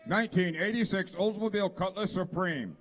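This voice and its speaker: A man's voice: high voice, fairly quick, a bit bright. A man presenting cars at an auction, reading out each car's features with enthusiasm. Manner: enthusiastic describing of car features. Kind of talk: reading out car descriptions.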